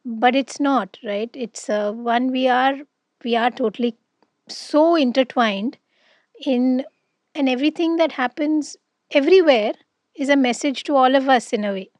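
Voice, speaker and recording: Woman podcast cohost, high voice, dry close sound, keeps saying right?. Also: unhurried, darkish tone, no room sound. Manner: reflective, frequent "right?" tags. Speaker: podcast co-host. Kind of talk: casual conversation.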